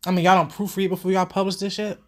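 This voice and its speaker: A young woman hosting her own vlog, talking straight to her viewers in casual opinion commentary, animated and swearing freely, her nose still a little stuffy from a cold. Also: mid-range voice, fast. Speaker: vlogger host.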